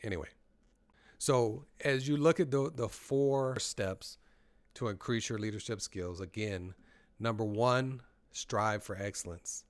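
A man's voice: on the low side, unhurried, no room sound. A man hosting a podcast and giving a motivational talk on leadership. He speaks directly to his listeners in a conversational way. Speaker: podcast host.

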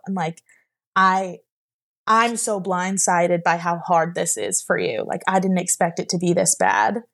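A woman's voice: on the low side, expressive, measured pace, a bit bright. A young woman telling a personal story as a podcast guest. She rambles emotionally, with many fillers, and sounds close to tears at times.

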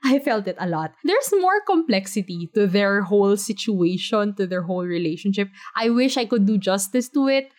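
A woman's voice: medium pitch, expressive, normal speed, few pauses, darkish tone. A woman talking casually to camera about a drama she loves, gushing and emphatic, with plenty of "like" and "you know". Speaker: drama reviewer. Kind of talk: casual video review. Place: her room.

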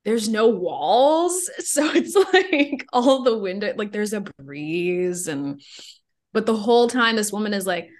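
A woman's voice: mid-range voice, expressive, measured pace. A woman co-hosting a podcast, recapping a film in casual chat with blunt jokes and frequent laughter. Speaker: podcast co-host.

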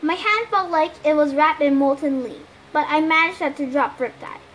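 Woman reader for a fan audiobook chapter; high voice, lively delivery, faint hiss behind. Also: moderate pace, poor audio. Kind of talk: reading a novel aloud.

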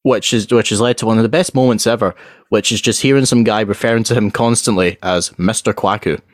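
A young man co-hosting a casual chat, telling lively stories and acting out voices. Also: fairly low pitch, fairly quick, dry recording, clean studio sound. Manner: animated storyteller who acts out voices and yells. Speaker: podcast co-host.

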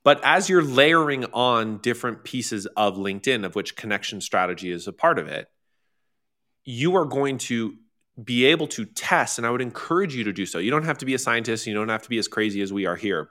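A man hosting a casual online workshop, talking in a chatty, animated way with fillers, restarts and sudden high exclamations. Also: moderate pace. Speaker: workshop host.

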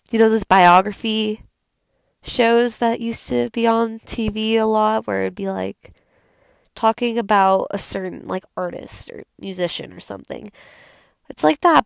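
A woman's voice: on the high side, gravelly, no room sound, studio quality. A young woman hosting her own video, talking casually and rambling about a film she loves, with many fillers. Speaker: video host. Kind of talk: casual unscripted film talk.

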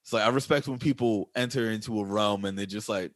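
Man, fairly low voice, podcast co-host, laid-back, joking, dry close sound. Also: quick pace, no room sound. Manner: laid-back, joking banter with frequent laughs. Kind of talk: casual chat.

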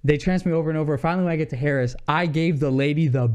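A young man with a clean, smooth voice that sits a little high for a man. He tells a story in casual podcast chat, animated and heated, and calls his listener "dude" often. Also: very fast.

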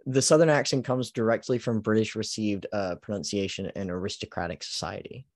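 A man's voice: fairly low pitch, fairly even intonation, brisk, no echo, clean studio sound. A man co-hosting a podcast in casual chat, laughing often and leaning on "like". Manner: laughs often, heavy use of "like". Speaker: podcast co-host.

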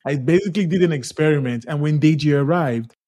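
A man co-hosting a podcast in casual chat, telling stories in a teasing, animated way. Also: fairly high pitch, quick pace. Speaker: podcast co-host.

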